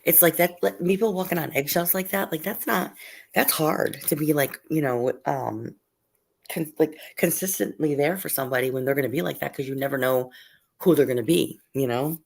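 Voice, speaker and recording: A woman's voice: low-pitched, normal speed, gravelly, darkish tone. A woman chatting casually on a livestream, rambling with many fillers and restarts as she gossips. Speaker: livestream co-host.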